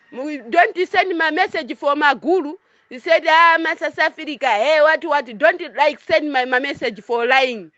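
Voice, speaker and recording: High-pitched, slow, emphatic speaker in broken English. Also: sharp tone, no room sound. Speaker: foreign resident speaking out. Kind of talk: impassioned monologue to camera. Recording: dull lo-fi recording.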